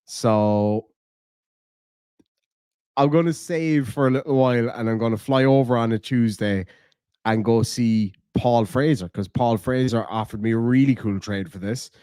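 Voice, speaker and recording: A man's voice: mid-range voice, a little slow, mellow, clear, resonant tone. An Irish man rambling to his chat on a live stream, loose and sweary, reading out messages as they come. His voice sits in the middle range, and the recording is dry, close and free of room echo. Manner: rambling, swears a lot, reads chat aloud.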